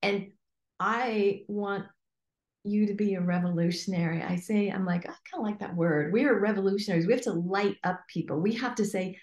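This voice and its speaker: An interview guest who works as a coach, this woman has a medium-pitched voice and a moderate pace. She talks with animated emphasis, often dramatizing imagined inner voices, in an echoey room.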